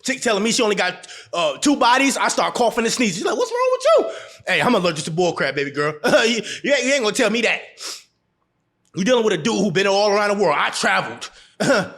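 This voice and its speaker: A man with a high-pitched, fairly bright voice talks fast and animatedly to the camera, offering blunt relationship tips in a casual monologue. He laughs frequently and drives his points in by saying them again and again.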